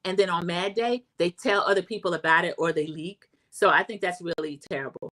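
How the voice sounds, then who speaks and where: A woman's voice: brisk, hardly any pauses, a bit bright. Middle-aged woman, drawl, casual recap host, chatty, mimics quotes. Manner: chatty, acts out quotes in a high voice, says "y'all".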